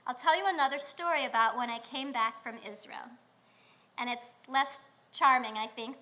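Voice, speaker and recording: A woman rabbi delivering a sermon in a synagogue, telling stories in a conversational way with pauses. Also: a little high, bright, forceful tone. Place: synagogue sanctuary.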